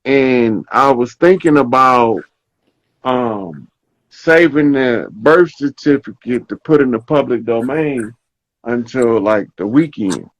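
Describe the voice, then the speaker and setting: Slow-talking man telling a story. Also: medium pitch, poor audio. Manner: slow, storytelling, checks in with "right?" often. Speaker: podcast host. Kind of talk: casual spiritual talk.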